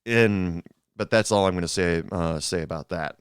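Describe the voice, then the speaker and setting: Man, host, casual rambling storytelling, low voice, dry close sound. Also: clean tone, no room sound. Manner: rambling, halting, many fillers and restarts. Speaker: podcast host, former bartender.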